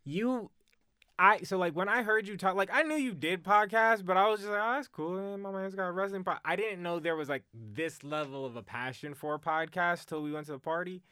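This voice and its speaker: Young man, podcast guest, smooth resonant voice, dry sound, excitable slangy chat. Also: sits high, moderate pace, no room sound. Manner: excitable, full of fillers and slang. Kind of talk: casual chat.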